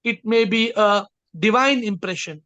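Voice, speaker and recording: A man's voice: sits high, unhurried, sharp tone, no echo, muffled recording. A man leading an online group call as a spiritual teacher, explaining emphatically and repeating his phrasing. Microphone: video call.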